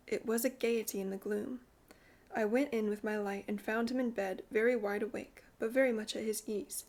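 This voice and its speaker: A woman narrating a classic ghost story audiobook in a measured, hushed way. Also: mid-range voice, steady tone.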